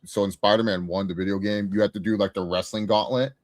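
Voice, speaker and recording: Low-voiced excited man, dry sound. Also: fast talker, no echo. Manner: excited, swearing, slangy storytelling. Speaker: film review co-host. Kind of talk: casual film review chat.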